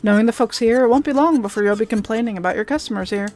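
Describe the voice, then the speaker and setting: A woman's voice: fairly high pitch, racing, darkish tone, faint music behind, natural voice. A woman reading the lines of a friendly, knowing small-town woman bartender in her own plain voice, easygoing and welcoming.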